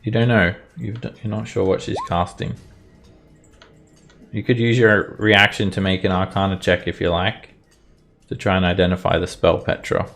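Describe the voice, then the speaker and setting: A man running a tabletop game as game master, narrating slowly with many pauses and fillers. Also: low-pitched, steady tone, creaky, fairly bright tone, faint music behind. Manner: slow, deliberate, with frequent fillers.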